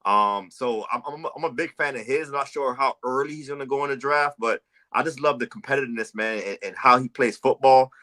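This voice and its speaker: A man's voice: medium pitch, brisk, sharp tone. A man co-hosting a football podcast, talking casually and animatedly, with frequent stammered restarts. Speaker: podcast co-host. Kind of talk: casual football scouting talk.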